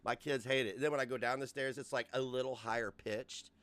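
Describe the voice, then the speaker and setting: A man's voice: medium pitch, fairly even intonation, quick pace, fairly bright tone, clear, resonant tone, no echo. A man in his forties hosting a casual livestream rant, profane and mocking, often laughing. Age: 40s. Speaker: host.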